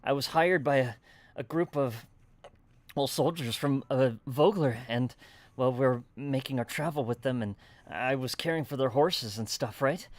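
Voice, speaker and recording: A man's voice: mid-range voice, unhurried, no room sound, lightly acted. A man voicing a frightened young male farmhand who is out of breath, stammering and apologetic as he rambles. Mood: panicked.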